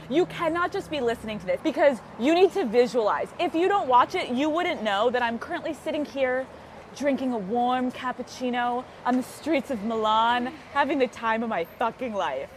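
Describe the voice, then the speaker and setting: A woman's voice: fairly high pitch, lively intonation, moderate pace, a little hiss or hum. A woman podcast host vlogging outdoors on city streets, bubbly, laughing often and swearing freely. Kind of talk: travel vlog, talking to camera.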